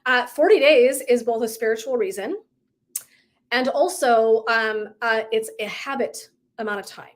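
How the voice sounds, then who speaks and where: Chatty middle-aged woman, slightly high voice. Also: measured pace. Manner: chatty, heavy use of "like", earnest and emotive. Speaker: wellness coach. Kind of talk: casual livestream talk.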